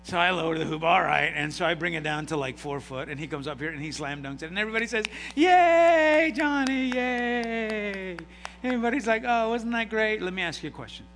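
A man preaching a sermon as pastor, telling stories with acted-out voices and lively emphasis. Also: a little high, fast talker, hardly any pauses, soft background music. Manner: animated storytelling with acted-out voices. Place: church sanctuary. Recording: live hall reverb with mains hum.

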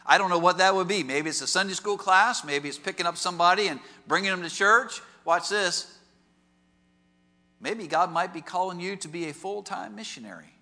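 Male preacher, sermon, animated storyteller, ringing tone with long hall echo. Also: high-pitched, normal speed. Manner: animated storytelling with rhetorical questions. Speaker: pastor. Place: large auditorium.

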